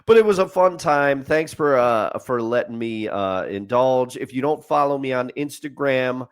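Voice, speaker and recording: A man's voice: mid-range voice, expressive, normal speed, smooth. A man co-hosting a sports podcast, telling stories in a rambling way, restarting sentences and laughing at his own tales. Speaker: podcast co-host. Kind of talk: casual sports chat.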